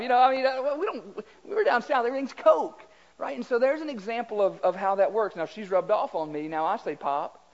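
A pastor from the Southern United States, with a Southern accent, preaches a chatty, folksy, conversational sermon in a church, quizzing the congregation and repeating words. His voice sits high and moves a little fast. The recording sounds slightly dull and lo-fi.

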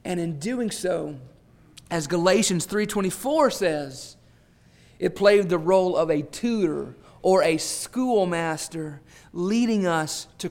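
A man preaching a sermon, swelling to emphatic peaks and dropping to hushed, drawn-out phrases. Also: high-pitched, vocal fry. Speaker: pastor.

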